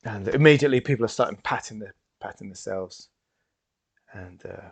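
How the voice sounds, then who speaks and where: A man narrating a tabletop role-playing game as game master, relaxed and full of fillers. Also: fairly low pitch, moderate pace, creaky, husky. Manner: relaxed storytelling with frequent fillers.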